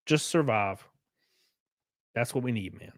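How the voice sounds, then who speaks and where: A young man talks casually on his live stream, thanking viewers for donations in a loose, rambling manner. His voice sits at a middling pitch. The sound is close and dry, with no room echo. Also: a little slow. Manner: loose, chatty, mumbles and hums while reading.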